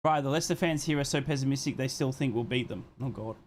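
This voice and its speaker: Streaming a football watchalong live, this young man gives play-by-play commentary and reads out his chat, cursing freely in his excitement. His voice is mid-range and he talks fast, with a bit of background noise in the recording.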